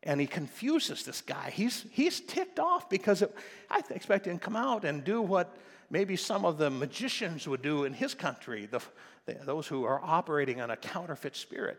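A man preaching a sermon in a fairly high voice, moving between low, quiet teaching and loud, fired-up emphasis. His voice rings with the long reverb of a big church hall. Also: sing-song, moderate pace, vocal fry. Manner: preaching with rising intensity, shifting from quiet to loud. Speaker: pastor.

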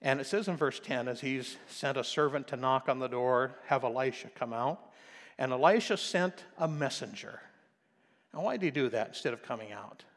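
A male pastor preaching a sermon, swinging from quiet explanation to loud, emphatic passages. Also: mid-range voice, moderate pace, in a large hall. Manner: preaching with rising intensity, shifting from quiet to loud.

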